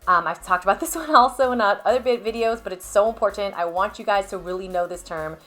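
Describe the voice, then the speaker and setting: A woman speech therapist patiently explaining to parents how to build a child's language at home, stepping through clear examples. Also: mid-range voice, fast talker, bright, forceful tone. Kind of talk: instructional video talk to parents.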